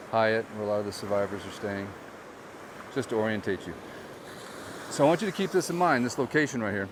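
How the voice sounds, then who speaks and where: A man's voice: fairly low pitch, noisy background. A man filming a handheld walk-and-talk vlog outdoors by the shore, speaking bluntly and with frustration straight to his viewers. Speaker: vlogger and real estate agent. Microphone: handheld camera on a gimbal.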